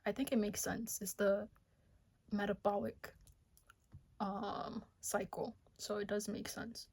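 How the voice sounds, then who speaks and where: A young American woman talking casually to her vlog camera, a bit out of breath, often dropping to a soft half-whisper. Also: mid-range voice, flat delivery, slow pace, slightly rough. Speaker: vlogger. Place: home kitchen.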